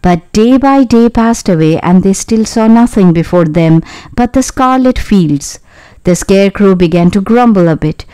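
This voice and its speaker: A woman narrating a storybook reading in a calm, even way. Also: mid-range voice, moderate pace, clean tone, dry recording, rough recording.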